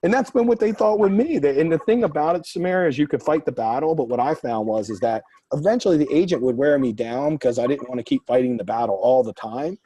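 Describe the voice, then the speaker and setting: Fast-talking man, blunt and animated. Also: medium pitch, breathy edge, no room sound, rough recording. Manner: fast, blunt, animated storytelling with quoted dialogue. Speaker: real estate investor and mastermind host. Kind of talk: casual group Q&A coaching.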